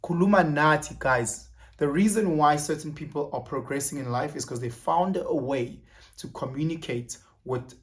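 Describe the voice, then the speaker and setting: A man's voice: on the high side, normal speed. A man with a South African accent giving a motivational monologue, emphatic and repeating key words, slipping in Zulu phrases and swearing. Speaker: motivational vlogger.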